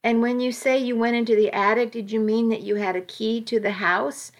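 A woman's voice: fairly high pitch, steady tone, brisk, lightly acted. A woman reading the lines of a suspicious male police officer who questions a witness. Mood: skeptical. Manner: skeptical, questioning.

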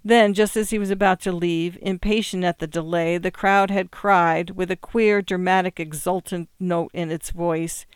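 A woman narrating a story in a steady, measured reading voice. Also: on the low side, clear, resonant tone, dry recording, studio quality. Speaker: audiobook narrator.

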